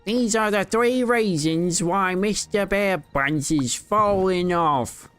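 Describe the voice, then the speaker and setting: A man's voice: high-pitched, takes it slowly, fairly bright tone, clear, resonant tone, faint music behind, voice pushed up. A man putting on a mocking British-accented viewer. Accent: put-on British.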